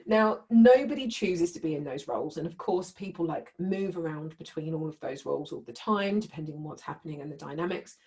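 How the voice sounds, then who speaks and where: Woman workshop leader with a low, warm voice; conversational and keeps checking in with the group. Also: lively intonation, moderate pace. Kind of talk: teaching a live group.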